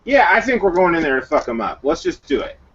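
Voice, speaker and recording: A man playing a tabletop game, talking in a rambling, animated way and often laughing. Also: fairly high pitch, fast talker, husky. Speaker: player. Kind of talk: casual tabletop game chat. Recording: dull lo-fi sound with faint noise.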